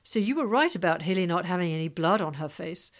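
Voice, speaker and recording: A polite but firm mother in a storybook, speaking up for her family. A woman reads her with a low voice. Plain and direct. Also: lively intonation, fast talker.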